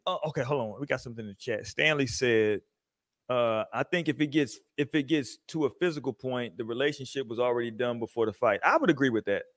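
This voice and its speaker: A man hosting a podcast, asking the panel questions and reading from the chat in a relaxed, slangy, joking way. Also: mid-range voice, fairly quick, no echo, studio quality. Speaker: podcast host. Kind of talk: casual chat.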